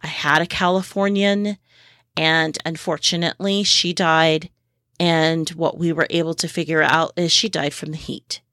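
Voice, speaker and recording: A woman hosting a podcast in a casual, informative way, unhurried and pausing often with fillers, sharing what she has learned firsthand on her homestead. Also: low voice, level tone, a bit bright, no room sound, studio quality. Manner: unhurried, with many pauses and fillers; speaks from personal homestead experience. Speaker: podcast host.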